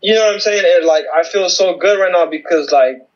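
A man speaking as an interview guest, giving a halting personal testimony full of fillers, heard over a remote call. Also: high-pitched, muffled recording. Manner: halting, many fillers and restarts.

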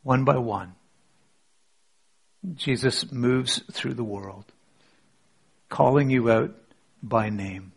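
A man preaching a sermon in a church, storytelling with dramatic swings and dropping to a hush for emphasis. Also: mid-range voice, takes it slowly, gravelly, pauses often, slightly rough. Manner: dramatic, drops to near whisper for emphasis. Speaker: pastor. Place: church with online audience.

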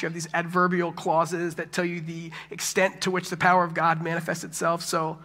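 Pastor guy in his 30s preaching, high bright voice, big echoey hall. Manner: animated preaching with quick asides and acted quotes. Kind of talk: sermon. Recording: reverberant hall.

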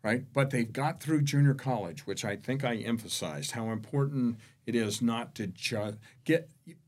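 A man, a real estate executive, telling anecdotes as a podcast guest, shifting between hushed and emphatic delivery. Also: medium pitch, moderate pace. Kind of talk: conversational storytelling.

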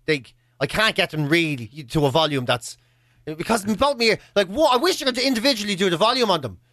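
A man's voice: high voice, expressive, fairly quick, fairly bright tone, dry recording, studio quality. An Irish man co-hosting a podcast, telling swearing anecdotes in casual chat and acting out other people's voices. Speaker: podcast co-host.

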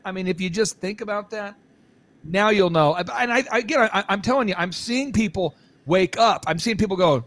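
A man's voice: high voice, normal speed, a bit bright. A man talking as a podcast guest, rambling and joking with emphatic restarts. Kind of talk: excited podcast interview talk.

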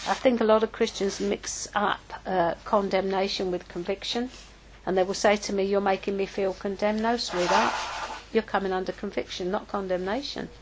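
An older woman preaching in a relaxed, conversational way. She tells personal stories and often stops to correct herself, at a medium pitch. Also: normal speed, background noise. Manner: chatty and anecdotal, with self-corrections. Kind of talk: informal teaching talk.

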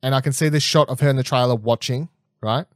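A man's voice: mid-range voice, fast talker, no room sound. Rambling guy with a dry close sound. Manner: rambling, animated, swears freely, frequent restarts. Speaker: podcast co-host. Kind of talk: casual chat, TV episode predictions.

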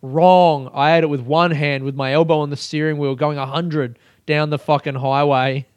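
A man telling a personal story in a casual monologue. He talks in an animated way, swears freely and laughs often. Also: a little high, moderate pace, clean tone, dry recording. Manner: animated and profane, with frequent laughter. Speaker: solo storyteller.

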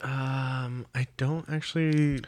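A man's voice: medium pitch, fairly even intonation, slow, darkish tone, no room sound. Laid-back swearing podcast co-host man, dry sound. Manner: laid-back storytelling, swearing, hesitant fillers. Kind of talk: casual crude podcast chat.

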